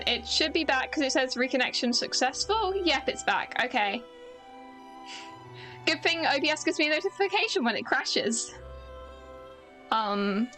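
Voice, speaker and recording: British streamer, high-voiced, rambly and self-mocking, faint game music behind. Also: female voice, bright, forceful tone. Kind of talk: casual gameplay commentary.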